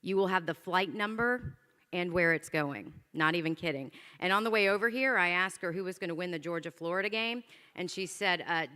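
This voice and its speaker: A woman's voice: lowish voice, a little fast, bright, forceful tone, clear, resonant tone. A woman, serving as master of ceremonies at an evening event and joking playfully with the audience through a stage microphone. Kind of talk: emceeing a gala event. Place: large event hall. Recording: hall reverb from a PA system.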